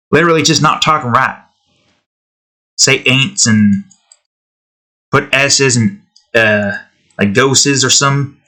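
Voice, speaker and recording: Man, drawing-vlog host, casual rambling, thinking aloud, slow, bright tone. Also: mid-range voice. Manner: thinks aloud, trails off, talks to himself. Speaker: channel host drawing on stream.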